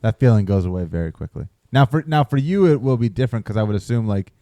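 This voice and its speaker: A man in his thirties co-hosting a podcast, telling a story in a relaxed, casual way with quick restarts. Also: on the low side, no echo. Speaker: podcast co-host. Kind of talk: casual chat.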